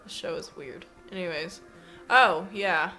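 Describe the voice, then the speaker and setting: A woman's voice: lowish voice, a little slow, bright, forceful tone, faint music behind, poor audio. A young woman at home, casually ranting and rambling to a webcam with lots of fillers, swearing and dramatic asides. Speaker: vlogger. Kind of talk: casual ranting vlog to a friend.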